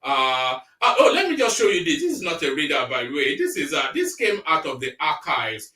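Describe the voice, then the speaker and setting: A man's voice: on the high side, big pitch swings, a little fast, bright, forceful tone. Blunt man reading news aloud. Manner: rambling, blunt and mocking asides. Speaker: live-stream commentary host. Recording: echoey room, voice a bit far from mic.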